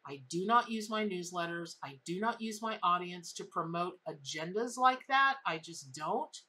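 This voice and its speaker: A woman's voice: fairly low pitch, expressive, moderate pace, pushed and bright. A woman tarot reader telling a story in a casual reading, emphatic and full of repetition.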